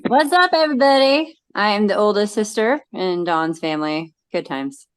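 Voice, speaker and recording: Woman, family podcast guest, upbeat, casual, mid pitch. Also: animated, moderate pace, clean tone, no room sound. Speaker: guest relative. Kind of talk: casual chat.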